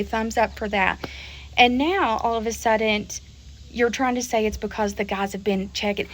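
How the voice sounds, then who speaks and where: A woman's voice: on the high side, fairly bright tone, poor audio. A woman venting to camera in an exasperated way, often repeating herself and swearing mildly.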